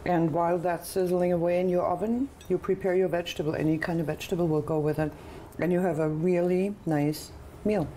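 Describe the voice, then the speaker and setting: A chatty, enthusiastic woman hosts a cooking show from a studio kitchen. Her voice sits a little low and sounds warm and mellow, with a faint hum of room noise behind it. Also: steady tone, fairly quick. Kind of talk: casual chat on a TV cooking show.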